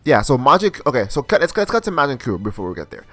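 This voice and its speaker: A man's voice: medium pitch, big pitch swings, quick pace, fairly bright tone, soft background music. A young man recapping and reviewing an anime episode in a casual, rambling way, full of slang and restarts.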